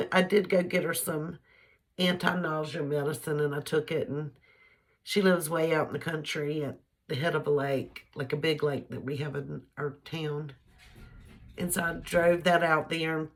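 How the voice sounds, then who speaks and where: A middle-aged woman, chatting opinionated relationship advice to her followers in a casual vlog, laughing easily. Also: sits low. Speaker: vlogger giving advice.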